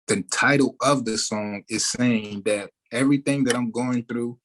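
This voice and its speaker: A man, a musician giving an interview, talking in a relaxed way with many fillers like "like" and "you know". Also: mid-range voice, low-quality recording. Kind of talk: casual interview talk.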